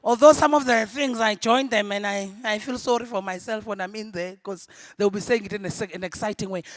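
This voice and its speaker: A young woman with a South African accent whose first language is Zulu, performing a stand-up comedy set. She laughs often and swings from loud, punchy lines to hushed asides. Her voice is close and dry, with almost no room sound. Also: mid-range voice, fairly quick, few pauses, no echo. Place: convention ballroom.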